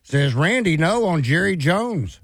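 A man with a gravelly, creaky voice co-hosts casual sports talk radio. He reads out listener messages and chats along. The sound is close and dry. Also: a little high, very animated, measured pace, fairly bright tone, dry recording.

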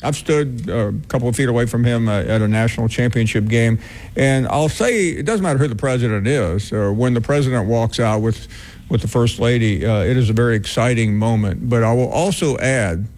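A man hosting a sports talk radio show, answering a caller in a measured way with frequent "uh"s. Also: mid-range voice, darkish tone. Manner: measured, with filler "uh"s.

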